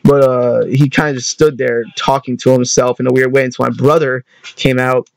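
A young man tells a story from his childhood in a loose, rambling way, stumbling over words and tossing in "you know what I mean". His voice sits at an ordinary pitch for a man. The recording is dry and close, with no room sound. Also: level tone, normal speed, vocal fry, dry recording. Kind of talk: casual storytime.

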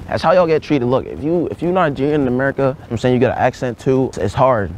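A man's voice: mid-range voice, lively intonation, fast, few pauses, a little mellow. A young man hosting a prank video, talking casually to the camera in a slangy, laid-back way with faint noise behind.

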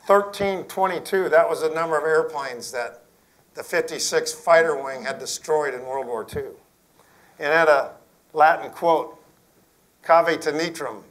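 A middle-aged man, an Air Force general, telling a story to school principals in a folksy, earnest way, dropping to a hush for emphasis. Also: fairly high pitch, a little slow, poor audio.

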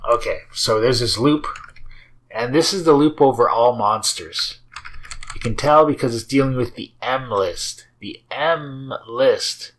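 A man hosting his own game series, chatting casually as he plays and reads through code, rambling and often laughing softly. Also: medium pitch, a little slow. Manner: rambling, chatty, with frequent fillers and small laughs. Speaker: host of a game and source-code video series. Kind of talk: casual commentary while playing and reading code.

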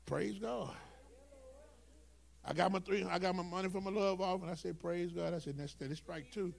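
A male pastor preaching a sermon, dropping to low storytelling and rising to shouted, whooping calls. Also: moderate pace, creaky. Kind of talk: Black Baptist preaching.

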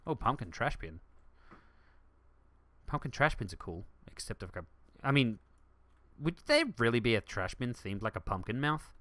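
A man hosting a let's play, rambling excitedly through gaming commentary and jumping to shouts. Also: medium pitch, normal speed, long pauses, no room sound.

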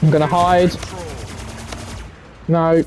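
A young man giving live gameplay commentary, trash-talking and swearing at opponents with sudden excited yelps. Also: on the high side, takes it slowly. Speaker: gaming streamer. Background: gunfire from the game.

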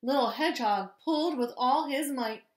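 A woman reading a children's picture book aloud in a gentle, expressive way. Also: high-pitched, normal speed, echoey room. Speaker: storybook reader. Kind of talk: children's story read-aloud.

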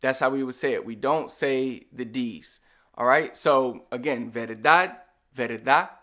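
Brief: Puerto Rican man, mid-pitched, casual teacher, slow repeated examples. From Puerto Rico. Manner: relaxed, repeats example words slowly with demonstration. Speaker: Spanish language teacher. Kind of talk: casual explanatory lesson.

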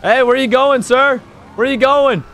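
A man's voice: very high voice, a little slow. A young man giving live commentary on a driving game, cheekily taunting the police chasing him and yelping at every jump and crash. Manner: excitable, bursts into yelps on jumps and crashes; cheeky taunts at pursuing cops. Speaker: gaming YouTuber and server owner.

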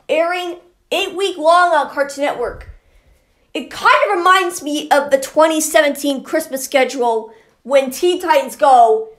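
A woman hosting her channel, giving an exasperated ranting commentary and repeating herself a lot. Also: sits high. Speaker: channel host. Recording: roomy echo.

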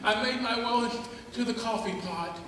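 A man's voice: extremely high pitch, moderate pace. An older man preaching a sermon, telling stories animatedly and acting out voices. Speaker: pastor. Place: church sanctuary. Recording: echoey hall from far off with background noise.

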